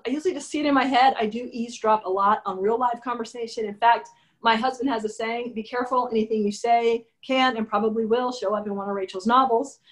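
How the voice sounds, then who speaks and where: Female author guest, higher-pitched, chatty and animated, acts out dialogue. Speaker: novelist being interviewed. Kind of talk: conversational interview answers.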